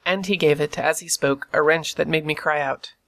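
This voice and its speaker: An audiobook reader narrating a classic adventure novel in a steady, measured storytelling voice. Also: mid-range voice, gravelly.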